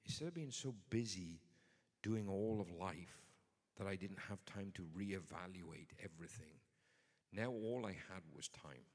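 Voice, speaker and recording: Low-voiced man preaching, chatty then punchy, long hall echo. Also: expressive, measured pace. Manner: conversational, emphatic, builds to forceful points. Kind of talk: sermon.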